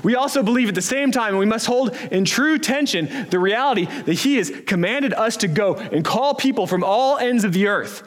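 High-voiced preacher. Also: male voice, expressive, moderate pace, hardly any pauses. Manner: earnest, emphatic preaching with rhetorical questions. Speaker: pastor. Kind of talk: sermon.

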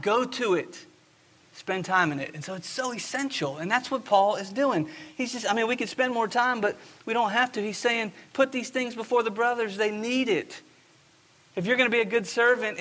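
A man preaching a sermon with a high, bright, ringing voice. He speaks in an earnest, emphatic way and often slows down to stress a point. He sounds like a pastor addressing his congregation.

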